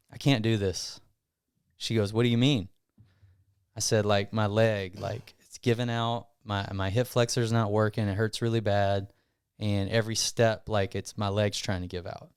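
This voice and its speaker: A man who owns a gym, telling a long personal story on a casual podcast, rambling and animated as he quotes himself. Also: fairly low pitch, measured pace, clear, resonant tone, dry recording, clean studio sound. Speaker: gym owner guest.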